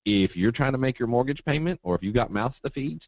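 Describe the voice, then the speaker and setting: A man's voice: medium pitch, animated, brisk, darkish tone, no echo. A man from Eastern Kentucky with a Southern drawl, presenting a live trading webinar in a folksy, joking, straight-talking way.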